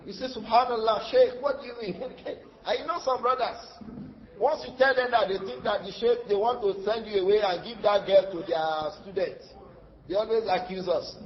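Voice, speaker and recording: A man with a Nigerian accent giving a lively sermon as an Islamic lecturer, acting out dialogue in his stories and laughing often. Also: high voice, normal speed. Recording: dull lo-fi lecture recording.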